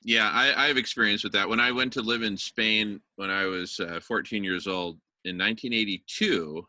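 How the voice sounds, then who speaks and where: Brief: fifties male host, very bright forward tone, dry close mic, chatty. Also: lowish voice, normal speed, no echo. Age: 50s. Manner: friendly, chatty storyteller. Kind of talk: casual chat.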